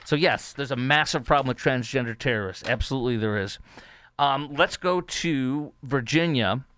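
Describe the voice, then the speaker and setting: A man hosts a political talk show, delivering opinionated commentary in a sarcastic, mocking manner and halting often with fillers. His voice is medium-pitched, a bit bright and smooth.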